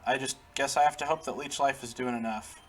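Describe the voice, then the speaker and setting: A man's voice: mid-range voice, steady tone, brisk, soft background music. A man casually commenting while he plays a video game, chatty, laughing often and talking to the characters on screen. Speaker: gaming channel host. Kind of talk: casual let's-play commentary.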